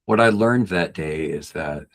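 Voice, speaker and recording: A middle-aged man speaks as a podcast guest, unhurried and with a fairly bright tone. He tells a personal story earnestly, raising his pitch to act out the people he quotes.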